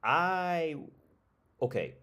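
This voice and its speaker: A man's voice: fairly high pitch, very animated, drawn-out words, sharp tone, clean tone. A man hosting a casual livestream chat, rambling and restarting his phrases as he talks to viewers. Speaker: livestream host. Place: living abroad in Prague.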